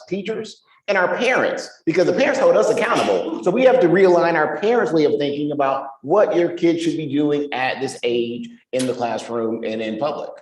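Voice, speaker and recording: A man's voice: medium pitch, far from the mic, a little hiss or hum. Earnest man co-host, a bit off-mic. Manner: earnest, repeats yeah often. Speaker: podcast co-host. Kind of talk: live podcast chat with audience. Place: conference hall stage. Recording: echoey hall, mic set back.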